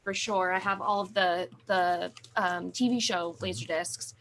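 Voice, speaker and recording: A woman's voice: fairly low pitch, fairly even intonation, unhurried, a bit bright, a little hiss or hum. A young adult woman co-hosting a podcast, chatting casually and gushingly about horror movies with many fillers. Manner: gushing, rambling, lots of fillers and swearing. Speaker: podcast co-host.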